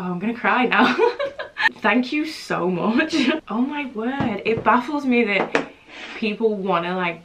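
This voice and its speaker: A woman who owns a small business, chatting casually to the camera in her home studio, excitable and giggly. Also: fairly low pitch, low-quality recording. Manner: excitable, giggly, talks to camera while packing. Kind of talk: casual vlog chat.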